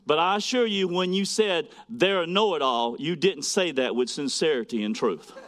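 A man preaching a sermon, swinging between loud, emphatic lines and quiet, hushed asides as he reads scripture to a congregation. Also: on the high side, moderate pace. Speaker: pastor.

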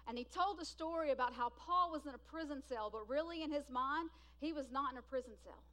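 A woman with a high voice preaches a sermon. She swings between loud, emphatic bursts and hushed lines that she draws out slowly for weight.

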